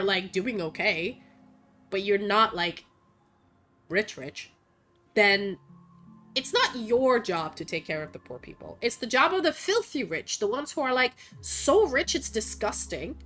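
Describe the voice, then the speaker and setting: A young woman streamer ranting casually in a blunt, profane, animated way, full of fillers, speaking into a desk mic at home. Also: a little high. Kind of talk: casual opinionated rant while gaming.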